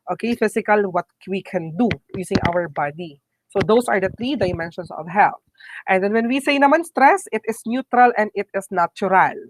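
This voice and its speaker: Woman, Filipino accent, teacher, brisk review lecture, mid pitch, dry close sound. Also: no echo, low-quality recording. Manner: brisk, repeats "okay?" and "my dear students"; mixes English with Tagalog phrases.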